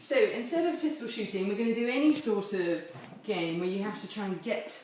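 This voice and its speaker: A brisk woman with a mid-range, somewhat dark voice runs a children's chapel assembly from her home. She cheerfully and playfully explains the games one step at a time, indoors and out on a garden course. The home video, filmed by a helper standing back, has an echoey, far-off sound and faint background noise.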